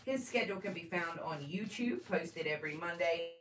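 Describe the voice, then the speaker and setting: A woman's voice: on the low side, lively intonation, normal speed. A woman co-hosting a live stream, making upbeat announcements and reading viewer comments. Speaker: co-host and chat moderator. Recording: distant voice with faint room noise.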